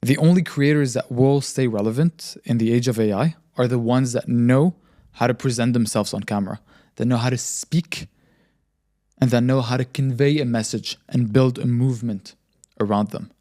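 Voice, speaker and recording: A man's voice: mid-range voice, moderate pace, warm tone. A man hosting a podcast, talking in a blunt, motivational way and firing questions at the listener. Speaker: podcast host. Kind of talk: casual podcast conversation.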